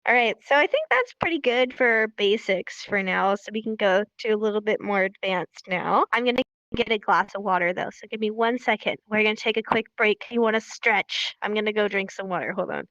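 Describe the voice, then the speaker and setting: A young woman teaching sign language on a live stream, chatty and animated, repeating herself for emphasis. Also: mid-range voice, fairly quick, few pauses, no room sound, lo-fi sound.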